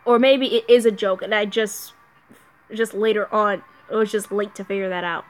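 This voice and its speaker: A woman's voice: mid-range voice, brisk, a bit bright, soft background music. A woman commenting on a game she is playing, joking and giggling often. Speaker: game streamer.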